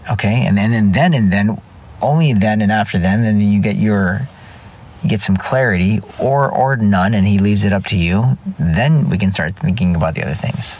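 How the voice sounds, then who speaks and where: A man's voice: fairly low pitch, normal speed, a little mellow. A man speaking earnestly in a personal faith reflection, often repeating and restarting his phrases. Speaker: vlogger.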